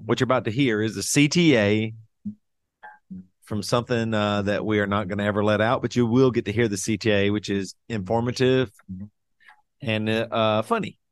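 A man's voice: fairly low pitch, dry recording. A man hosting a podcast, chatting casually with rambling, jokey asides. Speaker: podcast host and touring musician.

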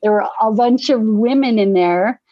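A middle-aged woman telling her recovery story in casual conversation, animated, acting out the voices of people she quotes. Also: a little high, normal speed, no room sound, muffled recording. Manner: animated, acts out quoted voices, laughs often. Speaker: guest sharing recovery story. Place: Denver area.

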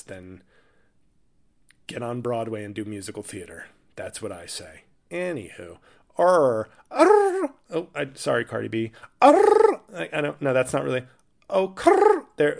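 A man's voice: lowish voice, gravelly. A man hosting his own podcast as a stand-up comedian, riffing in a rambling, irreverent, self-interrupting monologue.

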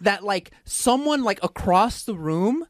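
A man's voice: sits high, lively intonation, a little slow, no echo, studio quality. A young man in casual podcast chat, ranting with swearing and stammered restarts.

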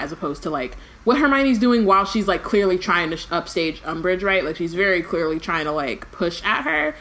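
A woman's voice: fairly low pitch, very animated, a little fast, few pauses, fairly bright tone. Chatty woman reading aloud and riffing. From California. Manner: chatty, many fillers, laughs often. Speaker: podcast co-host reading aloud. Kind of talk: casual chat with read-aloud passages.

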